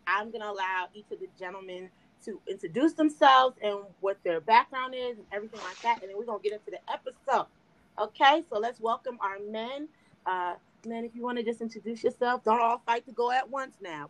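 An excitable woman hosting a casual podcast, chatting with lots of fillers. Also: on the high side, brisk. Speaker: podcast host.

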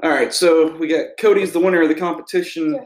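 A man co-hosting a podcast, casually chatting through a TV episode in a relaxed, rambling way with frequent ums. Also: fairly high pitch, quick pace. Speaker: podcast co-host. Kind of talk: casual chat reviewing a TV episode. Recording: echoey room.

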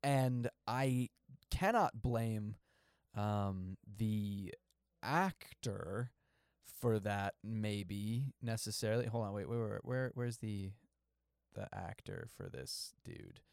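A man co-hosting a casual film review podcast, animated as he mimics bad line readings. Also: lowish voice, takes it slowly, gravelly, smooth, no room sound, studio quality. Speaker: podcast co-host.

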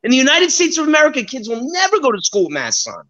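Man, casual chat, emphatic and profane, high voice, dull lo-fi recording. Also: wildly swooping pitch, quick pace, pushed and bright. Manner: emphatic, swears freely, restarts.

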